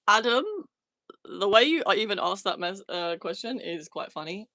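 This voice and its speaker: A woman's voice: medium pitch, slow pace, pauses often, bright, forceful tone, no echo. A British woman hosting a casual livestream, reading and answering viewer comments, laughing often and swearing freely. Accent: British English. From Britain. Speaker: livestream host.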